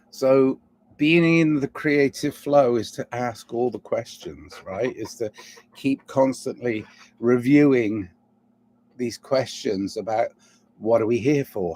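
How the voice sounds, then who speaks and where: A male vlogger with a warm, slightly rough mid-range voice and a noticeable non-standard English accent muses alone in a rambling monologue. He keeps asking himself one question after another.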